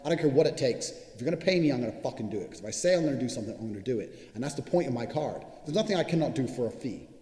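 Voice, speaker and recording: A man gives an unscripted motivational talk as a course instructor, boasting, swearing often, and rattling through stories rapidly. His medium-pitched voice is warm with lively intonation, in an echoey room with long reverb.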